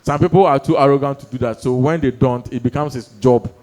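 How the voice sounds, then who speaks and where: A young man doing stand-up storytelling on stage, animated, acting out voices and laughing through his lines. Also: medium pitch, a little fast. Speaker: stand-up comedian. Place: comedy stage before a live audience.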